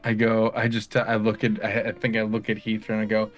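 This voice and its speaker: A man's voice: lowish voice, completely flat delivery, a little fast, hardly any pauses. A man playing at a tabletop game, talking in a loose, rambling style and drifting onto tangents. Faint music sits behind him. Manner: rambling, tangent-prone, laughing. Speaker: player. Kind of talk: casual game chat.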